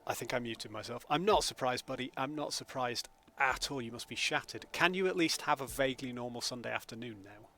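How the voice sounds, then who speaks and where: Broadcasting a live gameplay stream from his home, an Englishman chats with his audience and calls out viewers by name. He speaks briskly with few pauses, his mid-range voice sounding pushed and bright.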